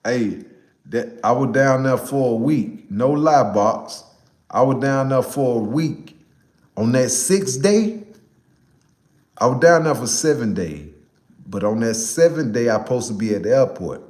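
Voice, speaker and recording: A young man, casually telling a personal story to a live chat, animated and repeating himself for emphasis. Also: medium pitch, a little slow, reverberant.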